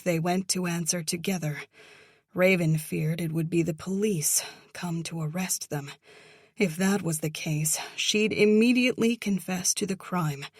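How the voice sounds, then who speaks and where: A woman narrates a thriller audiobook from a script in a lowish, husky, slightly mellow voice. The recording is dry, with the microphone close.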